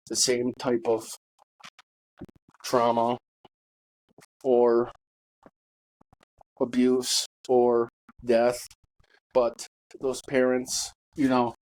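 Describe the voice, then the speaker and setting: A man speaks slowly in a flat, level voice that barely rises or falls. He tells his own story haltingly, filling pauses with ums and uhs. His tone is grieving and bitter. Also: medium pitch, poor audio. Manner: halting, full of pauses and fillers. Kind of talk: personal testimony monologue.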